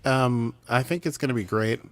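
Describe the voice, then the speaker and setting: A man's voice: medium pitch, moderate pace, fairly bright tone, no room sound. A man co-hosting a podcast in casual chat, talking in a playful, rambling way with jokey asides. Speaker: podcast co-host.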